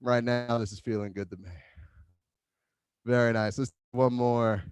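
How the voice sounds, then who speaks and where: A man leading an online tai chi class, giving calm movement cues with playful whoops. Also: medium pitch, moderate pace, clear, resonant tone, no room sound. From Philadelphia area.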